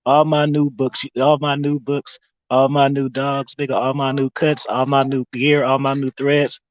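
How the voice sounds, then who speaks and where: A man livestreaming in a casual rant, animated and mocking, breaking into laughter often. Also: medium pitch, moderate pace, no echo, lo-fi sound.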